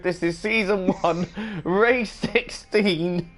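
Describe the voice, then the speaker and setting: A man's voice: on the high side, lively intonation, normal speed. Joking man hosting a racing game. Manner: joking, crude banter. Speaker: gaming channel host. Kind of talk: casual gameplay commentary.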